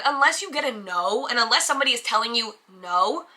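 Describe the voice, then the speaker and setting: Young woman, vlogger, very bright voice, slightly high, chatty, animated. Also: brisk. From United States. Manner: chatty, filler-heavy, animated self-talk. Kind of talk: casual chat to camera.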